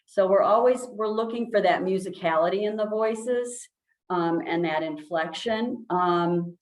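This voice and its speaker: A woman speech language pathologist giving a calm, explanatory presentation, with many ums and restarts. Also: mid-range voice, unhurried, reverberant, poor audio. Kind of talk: informal presentation.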